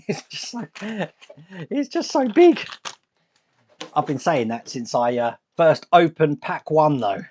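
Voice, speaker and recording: Man, model builder, lively swooping voice, slightly high, chatty and upbeat. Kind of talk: step-by-step build commentary.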